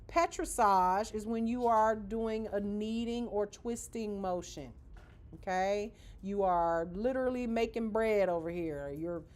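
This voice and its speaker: With a mid-range voice, this nail school instructor keeps her live beginner manicuring class chatty and casual. She demonstrates with her hands and checks in with "okay?" after almost every point.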